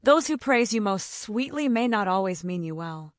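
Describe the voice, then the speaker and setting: A woman storyteller narrating a children's fable with a scripted, gently dramatic reading. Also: mid-range voice, lively intonation, normal speed, no echo, studio quality.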